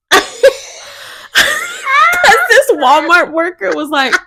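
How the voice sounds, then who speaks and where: A woman's voice: high-pitched, expressive, drawn-out words, creaky, bright, forceful tone, slight background noise. A young woman co-hosting a podcast, telling a story in casual chat and laughing often as she talks. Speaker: podcast co-host.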